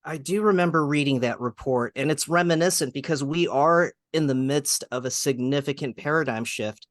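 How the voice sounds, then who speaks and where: A man's voice: a little high, normal speed, no echo. Thoughtful male podcast host. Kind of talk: casual interview chat.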